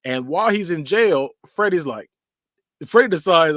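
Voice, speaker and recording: A man's voice: on the high side, no echo, clean studio sound. A man hosting a podcast, casually recapping horror movie scenes and acting out bits with sound effects. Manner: animated storytelling, acts out scenes with quick sound effects and laughs. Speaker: podcast host.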